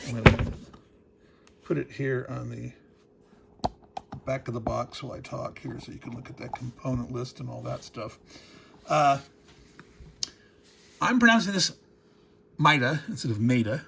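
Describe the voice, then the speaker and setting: A man's voice: mid-range voice, big pitch swings, normal speed, gravelly, long pauses, a bit bright, slight background noise. A man hosting a board game unboxing, talking casually, wandering off into digressions and chuckling as he goes. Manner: rambling, digressive, chuckles often.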